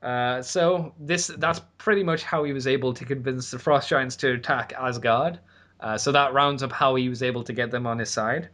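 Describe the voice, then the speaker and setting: A man's voice: mid-range voice, steady tone, moderate pace, a bit bright. A young man hosting a casual podcast, recapping an episode in a rambling, laughing way with the odd swear. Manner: rambling, laughing, swearing, with put-on voices for quotes.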